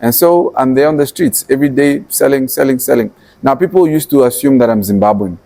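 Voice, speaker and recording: A man talks through his story as a podcast guest, his voice mellow and warm. He tells it with animation, slipping into quoted lines of what he once thought or said. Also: medium pitch, brisk, gravelly. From Namibia. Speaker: entrepreneur and activist guest.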